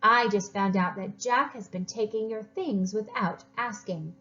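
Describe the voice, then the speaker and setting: A woman's voice: mid-range voice, unhurried, sharp tone, lo-fi sound. A woman voicing a small, angry mother who scolds her son firmly. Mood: stern. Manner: scolding, firm.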